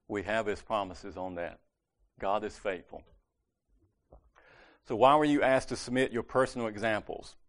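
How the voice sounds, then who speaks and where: A man giving a casual, conversational sermon at a church meeting, correcting himself and joking lightly as he goes. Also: lowish voice.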